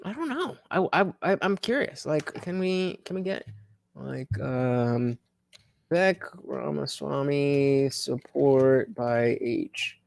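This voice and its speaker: A man's voice: mid-range voice, animated, slow, creaky, darkish tone, dry recording. A man hosting a casual political livestream, thinking aloud with many fillers and restarts as he reads chat comments. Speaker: livestream host.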